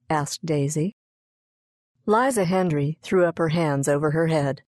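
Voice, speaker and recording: Low-voiced woman reading a children's book. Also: measured pace, a little mellow, dry recording, studio quality. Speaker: audiobook narrator. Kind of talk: scripted children's book narration.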